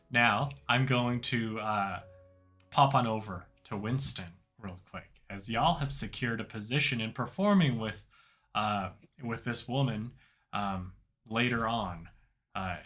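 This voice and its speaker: A male game master narrating an improvised tabletop game in a loose, filler-heavy way. He talks slowly with a bright, forward tone. Faint music plays behind him. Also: mid-range voice. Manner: loose, relaxed, lots of fillers.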